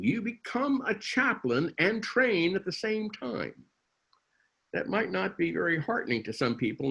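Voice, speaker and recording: A man's voice: sits high, vocal fry, pushed and bright, husky. A man delivering a sermon as a minister, telling a story with dry humor.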